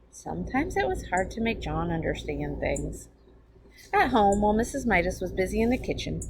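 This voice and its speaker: Woman teacher, read-aloud storytime, lively pitch, chatty asides, noisy recording. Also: vocal fry. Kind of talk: reading a children's book aloud. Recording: background noise.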